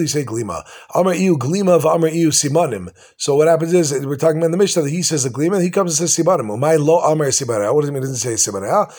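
A man teaching a casual Talmud class, quickly translating the text line by line with asides. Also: on the high side, a little mellow.

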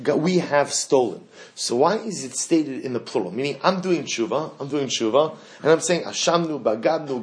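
A man delivers a Torah lecture in a lively, teaching voice at a middle pitch. He builds to impassioned pleading and scatters Hebrew and Yiddish terms through his English. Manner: animated, rising to impassioned pleading. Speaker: rabbi teaching a class.

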